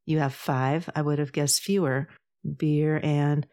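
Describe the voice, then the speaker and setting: A woman reading aloud and voicing an earnest, patient young woman who cares deeply about the planet, in a storybook podcast, with a low voice. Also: steady tone, slow, darkish tone. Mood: fond.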